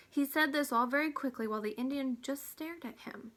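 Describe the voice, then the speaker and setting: A woman reading a children's storybook aloud, steady and hushed at tense moments. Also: high voice, a little fast, few pauses. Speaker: reader.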